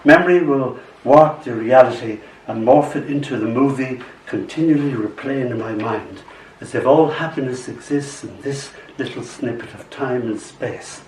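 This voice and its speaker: An older man reading his own poems aloud at a live bookshop event, in a soft storytelling way. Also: mid-range voice, normal speed, a little hiss or hum. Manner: soft, storytelling delivery with acted voices. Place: small bookshop, indoors. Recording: roomy bookshop sound from a distance.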